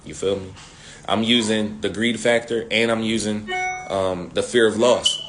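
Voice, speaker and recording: A man teaching sales techniques in an animated way, repeating key phrases and talking with slang. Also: fairly low pitch, measured pace, faint music behind. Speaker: sales coach.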